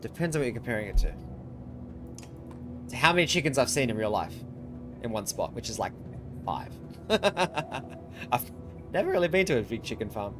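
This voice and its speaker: A man's voice: mid-range voice, sing-song, normal speed, pauses often, music in the background. A man streaming a strategy game, chatting casually and wryly with chat, laughing often. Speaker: gaming streamer. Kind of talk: casual let's-play commentary.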